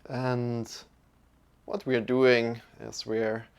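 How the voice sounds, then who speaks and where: A man leading a yoga lesson, speaking in a relaxed, friendly way with some fillers as he explains what comes next. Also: mid-range voice, very slow, gravelly, clean tone. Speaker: yoga teacher. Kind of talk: guided yoga and mantra chanting lesson.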